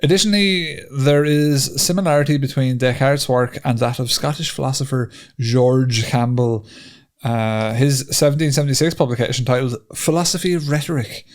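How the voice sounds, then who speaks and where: A man's voice: medium pitch, normal speed. A man with an Irish accent co-hosting a podcast, teasing dryly, swearing casually, and reading out notes. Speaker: podcast co-host.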